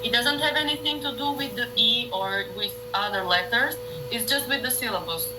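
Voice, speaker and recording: In a casual online lesson with background noise, an Italian tutor speaks at a moderate pace in a high-leaning voice. A native Italian with a matching accent, she patiently corrects pronunciation and explains things in halting English.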